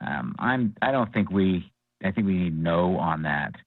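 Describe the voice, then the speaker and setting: Hesitant male caller from Northern California, very deep voice, dry tinny phone line. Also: expressive, unhurried, no echo. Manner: hesitant, with many ums. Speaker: caller giving public comment.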